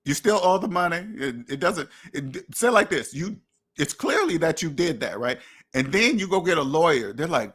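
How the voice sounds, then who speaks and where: A finance podcast host delivers a casual monologue in a slightly high, animated voice at normal speed, fairly bright with a breathy edge. He lectures bluntly and preachily, acts out imagined conversations, and swears now and then.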